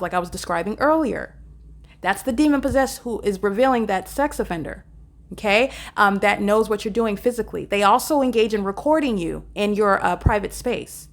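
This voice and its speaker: A woman speaks unscripted into her phone camera from inside a hotel room. Her voice sits in an ordinary middle pitch, and her delivery is earnest and insistent. She halts often with fillers and restarts her phrases as she explains. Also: animated, moderate pace, gravelly. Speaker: vlogger filming and commenting.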